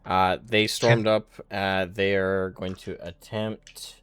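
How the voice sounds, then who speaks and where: A man narrating as dungeon master, halting and thinking aloud with frequent uhs. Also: sits low, little pitch movement, a bit bright, clear, resonant tone, dry recording. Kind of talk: narrating a tabletop game.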